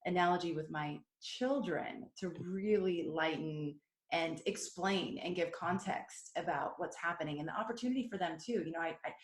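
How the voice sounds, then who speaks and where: A woman's voice: lowish voice, moderate pace. A woman hosting a podcast, chatting earnestly and sharing family stories. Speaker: podcast host. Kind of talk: casual podcast conversation. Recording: roomy echo.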